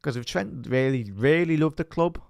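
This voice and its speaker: A man's voice: fairly high pitch, lively intonation, moderate pace, gravelly, a little mellow, no room sound, studio quality. A young man from Liverpool with a Scouse accent, talking passionately and a bit rambling in a casual reaction video as a fan channel presenter. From Liverpool, England.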